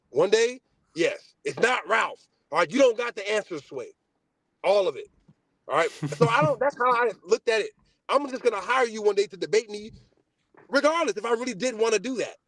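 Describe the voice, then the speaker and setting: A young man rants on his podcast with a fairly high, very lively voice that jumps between loud boasts and low mutters. He is profane and cocky, and the sound is close and dry. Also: no echo. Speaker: podcast host. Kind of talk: heated casual podcast rant.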